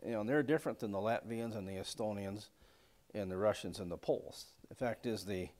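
A man's voice: lowish voice, brisk, darkish tone. A man leading a casual church Bible class in a folksy, rambling way, with many fillers and asides. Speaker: Bible study teacher.

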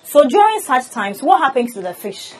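A woman's voice: high voice, very animated, normal speed, a crowd in the background, poor audio. A woman from Ghana hosting an interview, asking questions and giving frequent short affirmations. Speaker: interviewer, host.

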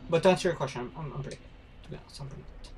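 A young man livestreaming a game, talking loosely with his audience while he plays. His voice sits slightly high, and he bursts into shouts and laughter at the game. A faint hiss runs under his desk-mic sound. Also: racing, gravelly. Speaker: streamer. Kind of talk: casual gaming livestream chat.

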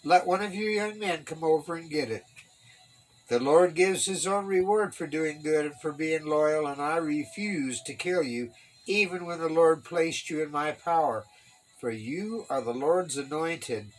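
A man's voice: fairly high pitch, a little slow, poor audio. A man reading a Bible story aloud to children, lifting his voice for the characters and adding wry comments between passages. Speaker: kids' Bible class teacher. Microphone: online stream mic.

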